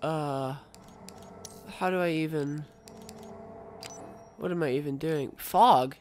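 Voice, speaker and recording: A young man giving casual gameplay commentary, gushing with excited exclamations and coughing now and then after being ill. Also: a little high, takes it slowly, long pauses, soft background music. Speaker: gaming YouTuber.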